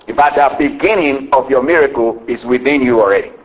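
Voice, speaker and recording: A man preaching a sermon to a congregation, calling for amens and rising to excited shouts. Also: medium pitch, fairly quick, rough recording. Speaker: pastor.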